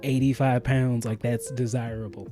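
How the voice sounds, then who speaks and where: A man co-hosting a podcast, riffing casually in a profane, animated way. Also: medium pitch, normal speed, faint music behind. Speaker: podcast co-host. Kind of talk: casual chat.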